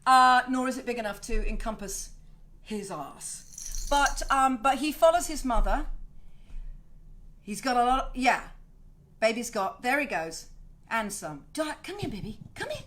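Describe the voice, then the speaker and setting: A middle-aged woman, talking casually at home and swearing a lot. Her voice sits fairly high, swinging widely in pitch, with a bright, forceful edge. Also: a little slow, long pauses. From Wales. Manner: chatty, swears a lot, animated asides to her cat. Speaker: singer-songwriter hosting her own online show. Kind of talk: casual home video chat. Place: home, indoors.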